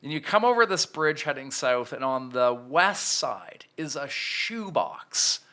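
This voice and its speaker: A man's voice: medium pitch, very animated, unhurried, sharp tone. A man in his thirties, a podcast guest, telling a candid, self-reflective personal story with frequent restarts. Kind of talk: storytelling in an interview.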